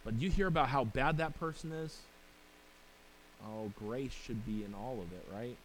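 A man's voice: mid-range voice, moderate pace, a little hiss or hum, poor audio. A male pastor preaching a sermon in a conversational way, often asking "right?" and reading scripture aloud. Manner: conversational preaching with rhetorical questions and asides; reads scripture in King James wording.

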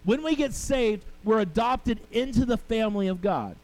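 Man, middle-aged pastor, high voice, conversational sermon, family anecdotes. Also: animated, moderate pace, darkish tone, low-quality recording. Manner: storytelling, conversational with the congregation.

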